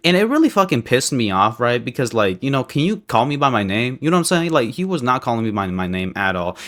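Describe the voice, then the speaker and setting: A young man telling a casual storytime monologue, rambling and profane, tagging "right?" onto his sentences and swinging between heated bursts and low mutters. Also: fairly bright tone. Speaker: storyteller vlogger.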